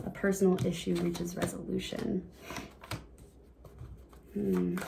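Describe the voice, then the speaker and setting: Woman, tarot reader, casual card reading, encouraging, chatty, lowish voice. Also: unhurried, vocal fry, noisy background. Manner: chatty and encouraging, laughs often, addresses viewers as y'all.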